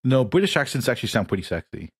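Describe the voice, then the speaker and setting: A man with a husky voice co-hosting a podcast, teasing his friends with a lively, bouncing delivery. He is quick to laugh between his short jabs. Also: medium pitch. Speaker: podcast co-host. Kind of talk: casual podcast banter.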